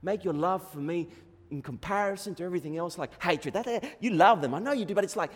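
A man preaching a sermon with great emphasis, going from loud to quiet and acting out the lines he quotes. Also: high-pitched, quick pace. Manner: emphatic, swings between loud and soft. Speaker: pastor. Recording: long reverb of a large hall.

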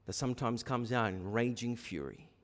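A middle-aged man preaching a sermon as pastor, shifting between quiet asides and emphatic points. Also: mid-range voice, moderate pace. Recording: long hall reverb.

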